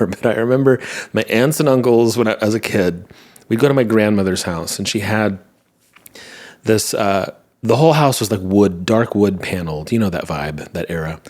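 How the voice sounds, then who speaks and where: Male podcast host, casual rambling monologue, wry self-mocking humor, low-ish voice. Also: darkish tone. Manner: rambling, wry, laughs at himself. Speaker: podcast host answering listener messages.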